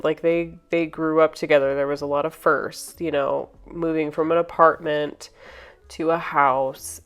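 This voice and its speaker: A woman recording a voiceover for her painting video, talking in a halting, emotional way with sighs and restarts. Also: sits low, clean tone. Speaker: painting vlogger.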